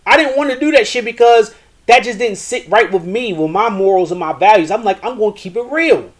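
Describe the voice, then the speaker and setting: A man's voice: sits high, a little fast. A man hosting a live show from a porch, giving blunt, profane relationship commentary. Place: porch, outdoors.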